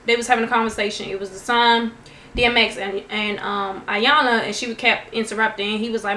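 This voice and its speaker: A woman casually recapping a TV show in a vlog, chatty and animated, quoting people as she goes. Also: fairly high pitch, a little fast. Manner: chatty, animated retelling with quoted dialogue. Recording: echoey room, faint noise.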